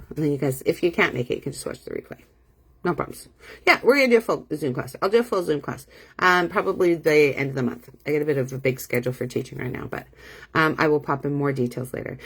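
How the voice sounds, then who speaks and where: A woman's voice: sits low, a bit bright. A middle-aged woman hosting a live motivational talk for her online community, enthusiastic and emphatic, chatty with fillers, on a webcam or phone mic. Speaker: community host and coach.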